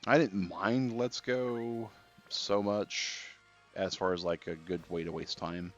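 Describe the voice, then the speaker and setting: A man streaming a video game and chatting casually with viewers, relaxed and rambling, with many fillers and restarts. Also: low voice, slow. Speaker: gaming livestreamer. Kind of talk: casual live-stream chat while playing. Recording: slightly dull stream audio with faint game music.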